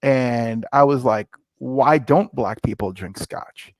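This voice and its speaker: Middle-aged male guest, energetic storyteller who acts out both sides of a conversation, dry close mic. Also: medium pitch, slow, dry recording. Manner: lively storyteller, acts out dialogue with rising excitement. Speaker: scotch company founder, guest. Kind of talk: animated storytelling interview.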